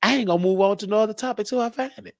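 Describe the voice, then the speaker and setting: Dude hosting his own stream, kinda high voice, all over the place, joking and rambling, dry close sound. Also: very fast, gravelly, dry recording. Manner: rambling, joking, thinking aloud. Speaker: show host. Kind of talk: casual live-stream monologue.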